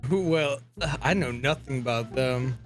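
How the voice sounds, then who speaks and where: A man playing a tabletop game, talking casually in a halting way with restarts. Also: medium pitch, soft background music. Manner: halting, restarts, laughs often. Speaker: player.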